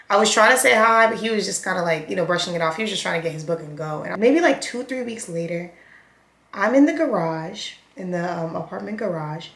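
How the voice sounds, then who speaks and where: A young woman chats through a messy storytime while putting on her makeup. She talks in a lively, animated way and acts out everyone's lines. The sound bounces around an echoey room. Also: mid-range voice, fast, gravelly. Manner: chatty, animated, acts out quotes. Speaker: vlogger.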